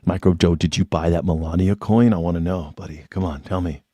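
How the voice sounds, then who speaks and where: A man's voice: deep voice, steady tone, fairly quick, mellow, no room sound, clean studio sound. A man hosting a live stream, mocking in a sarcastic tone and laughing often.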